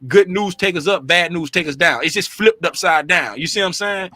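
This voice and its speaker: A man hosting a casual trading chat, coaching in an animated, repetitive way and often asking if you follow. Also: high voice, a little fast. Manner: animated, repetitive, keeps asking "you see what I'm saying". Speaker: trading show host.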